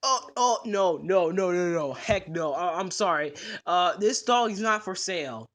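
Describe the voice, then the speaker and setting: A woman's voice: lowish voice, animated, measured pace, voice pushed down. A woman voicing a grumpy male pet store manager in a plush toy skit, stammering and evasive.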